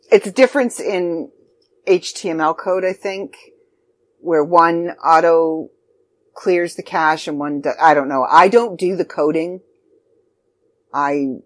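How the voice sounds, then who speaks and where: Slow, chatty low-voiced woman podcast host. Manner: rambling, self-deprecating, chatty. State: throat drying out. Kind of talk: casual podcast sign-off.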